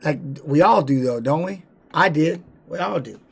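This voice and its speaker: High-voiced blunt, profane man. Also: lively intonation, normal speed, gravelly, slightly rough. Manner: blunt, profane, repeats words for emphasis. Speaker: streamer commenting on fight videos. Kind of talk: casual live-stream commentary.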